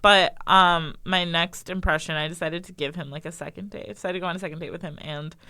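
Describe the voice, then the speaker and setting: A woman's voice: lowish voice, fairly even intonation, fast, sharp tone, clean tone, dry recording, studio quality. Chatty young woman telling a story. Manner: chatty storyteller, laughs often, acts out quotes. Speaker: podcast co-host. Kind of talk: casual chat.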